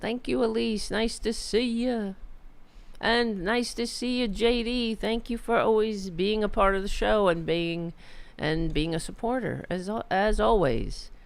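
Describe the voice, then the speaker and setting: A woman's voice: mid-range voice, steady tone, measured pace, gravelly. A middle-aged woman hosting a live political stream, ranting in a heated, profane, rambling way with frequent restarts. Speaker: political commentary host.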